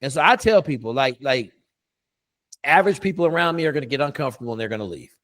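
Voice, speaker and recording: A man's voice: medium pitch, lively intonation, fast, fairly bright tone. A middle-aged man, a coach, telling a story in a casual interview, blunt and profane with lots of emphasis.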